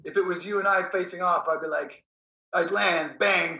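A man guest in a casual chat, telling stories and acting out scenes in quick put-on voices. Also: high-pitched, sharp tone, reverberant, rough recording. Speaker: guest actor.

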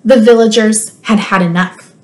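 A woman school librarian reading a children's storybook aloud, expressive and playful, with teasing asides to her listeners. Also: medium pitch, moderate pace.

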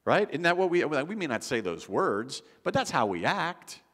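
A man's voice: on the high side, big pitch swings, normal speed, fairly bright tone. A man preaching a sermon as pastor, in a conversational style with frequent restarts. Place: church sanctuary. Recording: long church hall reverb.

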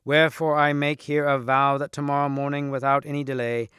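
A man's voice: medium pitch, flat delivery, fairly quick, fairly bright tone, clear, resonant tone, dry recording, clean studio sound, close to an everyday voice. A man doing an eager knight swearing a vow. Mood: fervent. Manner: earnest, rousing. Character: fervent, eager knight vowing a quest.

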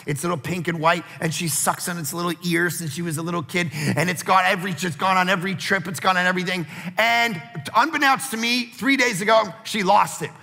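A man in his forties, a pastor preaching a sermon, who tells a lively family story and acts out the voices in it. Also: high-pitched, fairly quick, creaky, hardly any pauses, in a large hall.

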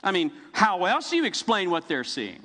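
A middle-aged man preaching a sermon, telling the story vividly with dramatic pauses. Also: sits high, huge pitch swings, bright, forceful tone, in a large hall. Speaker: pastor. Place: church sanctuary.

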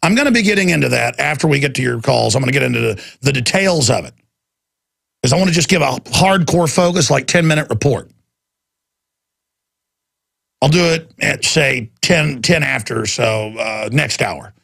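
A man's voice: mid-range voice, animated, brisk, creaky, fairly bright tone, husky. A man hosting a talk radio show, delivering a heated, impassioned monologue and mocking his opponents' voices.

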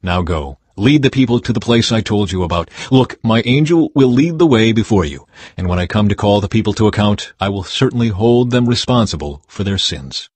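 A man's voice: on the low side, expressive, a little fast, darkish tone, slightly rough, no room sound. A man reading the lines of a stern, angry male god in a scripture reading.

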